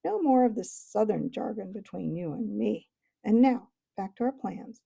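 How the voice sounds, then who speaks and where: A woman's voice: medium pitch, animated, normal speed, vocal fry, warm tone, slightly rough, exaggerated voice. A woman voicing a proud, bossy talking male warhorse in a storybook reading, lecturing in a haughty manner. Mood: confiding.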